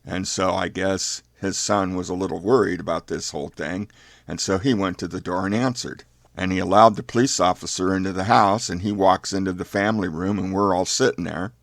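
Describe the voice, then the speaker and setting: Gravelly low-voiced older man storyteller. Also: fairly even intonation, dry recording, clean studio sound. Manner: folksy, unhurried. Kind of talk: fireside storytelling.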